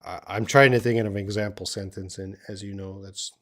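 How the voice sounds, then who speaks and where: A man's voice: fairly low pitch, steady tone, a little fast, a bit bright. A middle-aged man teaching English on a live stream, answering viewers' questions and thinking aloud with hesitant restarts. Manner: encouraging.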